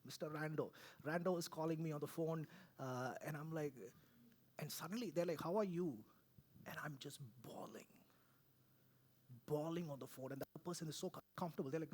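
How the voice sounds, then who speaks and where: A man, preaching conversationally, swinging from loud to hushed and often asking "right?". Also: on the high side, steady tone, fast talker. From India. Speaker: pastor. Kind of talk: sermon. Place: church.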